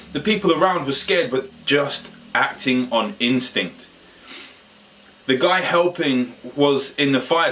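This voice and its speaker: A man, a health coach, tells a personal story to camera in a halting way, repeating phrases and pausing for drama. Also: on the high side, a bit bright, slight background noise. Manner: halting, repetitive retelling with dramatic pauses. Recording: voice a little distant from the mic.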